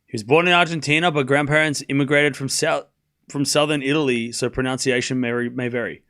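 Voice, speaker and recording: This young man's casual tennis play-by-play comes out fairly quick, in a medium pitch with a fairly bright tone and fairly even intonation. Calling the live match for a stream audience, he chats away, mocks himself, and stumbles on names.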